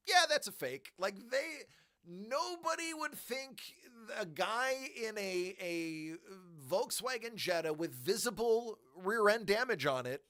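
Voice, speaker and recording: A man hosting a collectibles channel, telling a story in a joking, animated way and acting out the voices. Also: high voice. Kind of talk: casual storytelling.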